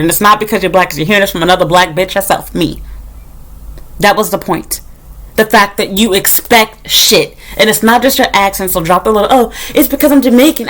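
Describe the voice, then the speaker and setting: A woman's voice: mid-range voice, a bit bright. A young woman vlogger ranting bluntly and sarcastically to her own camera, swearing freely as she tells a story. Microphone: camera mic.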